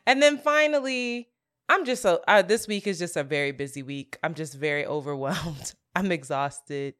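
A woman co-hosting a podcast, telling stories in a lively, animated way and laughing often. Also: low-pitched, moderate pace. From Philadelphia area. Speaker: podcast co-host. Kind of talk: casual chat.

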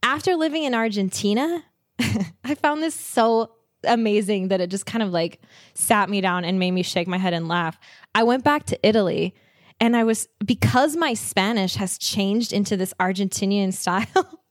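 A woman's voice: medium pitch, normal speed, dry recording, studio quality. A woman guest on a podcast, chatting enthusiastically about travel and laughing often. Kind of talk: casual interview chat.

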